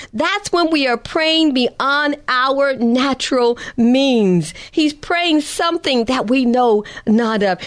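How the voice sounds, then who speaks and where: A woman preacher with a fairly high voice delivers a testimony sermon. Her telling is fervent and rhythmic, and she stretches key phrases slowly for weight. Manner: fervent, rhythmic storytelling with slowed emphatic phrases.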